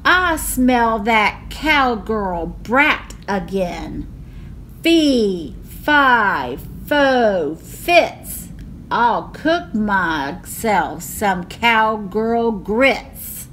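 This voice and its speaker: A woman voicing a mean, hungry male giant who bellows rhymed threats slowly and loudly. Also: medium pitch, animated, slight background noise. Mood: bellowing.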